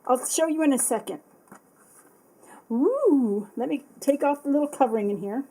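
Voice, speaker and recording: A bubbly, excitable woman chatting casually as she unboxes art supplies, often apologizing. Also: high voice, moderate pace, rough recording. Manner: reads product text aloud.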